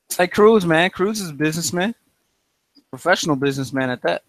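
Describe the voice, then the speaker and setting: A man's voice: on the high side, lively intonation, a little fast, no echo, low-quality recording. A man in a casual live-stream chat who keeps asking plain, curious questions. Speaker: chat guest.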